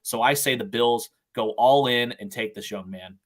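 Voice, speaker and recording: A man's voice: mid-range voice, normal speed, fairly bright tone. Upbeat male sports podcast host. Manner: enthusiastic, upbeat. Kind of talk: casual sports chat.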